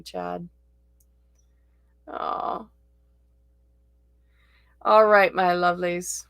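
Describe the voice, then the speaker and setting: A woman hosting a casual tarot livestream, chatting in a slow, gently encouraging way and reading viewer comments aloud. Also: on the low side, gravelly, no echo.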